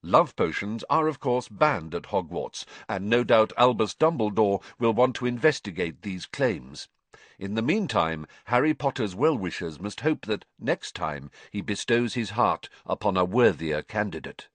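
Expressive low-voiced male storyteller. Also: no echo. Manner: expressive and measured. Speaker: audiobook narrator. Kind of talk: storybook narration.

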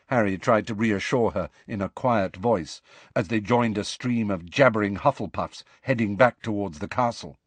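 A man narrating an audiobook in a measured, expressive reading. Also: on the low side, no echo. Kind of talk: scripted narration.

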